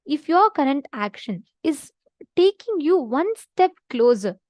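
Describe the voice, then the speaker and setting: A woman's voice: sits high, darkish tone, no echo, lo-fi sound. A woman giving a spiritual discourse, telling stories earnestly and putting questions to her listeners. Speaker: spiritual teacher.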